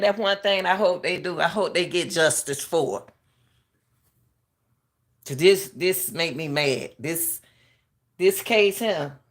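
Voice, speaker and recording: A woman's voice: lowish voice, takes it slowly, pauses often. A middle-aged woman, a retired track coach, hosting live commentary. She speaks with a harsh coaching edge, impassioned and repeating herself to her viewers.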